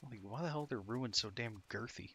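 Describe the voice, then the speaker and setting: Playing an online game, a sleepy, tired streamer rambles to himself about his gameplay, swearing casually. He speaks a little fast in a mid-range, sharp voice, with a little hiss or hum in the recording.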